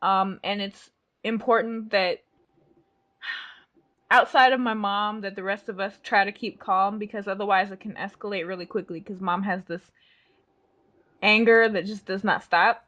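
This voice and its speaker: A woman's voice: medium pitch, unhurried, long pauses, dull audio. A woman vlogger chatting casually about her family, giggling often. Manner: giggly, animated storyteller. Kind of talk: casual chat.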